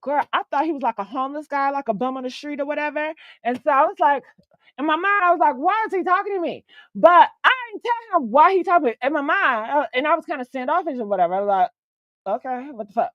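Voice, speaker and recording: A woman hosting a stream, telling a story in a chatty, animated way, swearing freely and calling the listener "girl.". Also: high-pitched, quick pace, dry recording, muffled recording. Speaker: host. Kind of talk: casual storytelling on a live stream.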